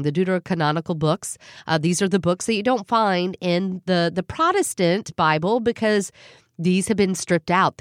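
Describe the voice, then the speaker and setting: Congested, breathy woman radio host. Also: on the low side, no room sound, studio quality. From Southern United States. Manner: chatty, self-deprecating, laughs often. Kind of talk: casual podcast monologue.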